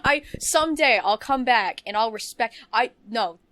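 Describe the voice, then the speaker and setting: A woman's voice: on the high side, measured pace, a bit bright, smooth, no echo. A woman co-hosting a casual podcast, chatting in a rambling, gushing way with frequent restarts and giggles. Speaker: podcast co-host. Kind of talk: casual podcast chat about video games.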